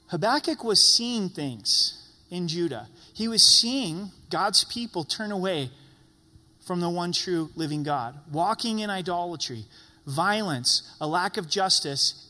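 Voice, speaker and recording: A man's voice: sits high, animated, measured pace, pushed and bright, in a large hall. A man preaching a sermon in earnest, acting out prayers as pleading questions to God. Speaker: pastor.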